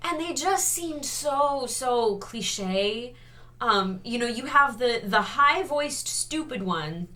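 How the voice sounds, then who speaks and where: A woman co-hosting a casual review chat, wry and critical, stretching words with dramatic pauses. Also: a little high, sharp tone. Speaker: co-host reviewing a TV series.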